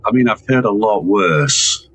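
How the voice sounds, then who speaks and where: A man's voice: on the low side, expressive, unhurried, husky, dry recording, poor audio. A man from the English-Scottish border region in a casual movie podcast chat, blunt and matter-of-fact, swearing casually.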